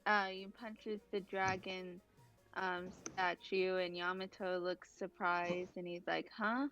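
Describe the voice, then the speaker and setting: Slow-talking woman recapping a comic. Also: on the low side, fairly bright tone. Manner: hesitant and unhurried, many ums. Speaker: podcast co-host. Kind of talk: casual manga recap, reading out dialogue.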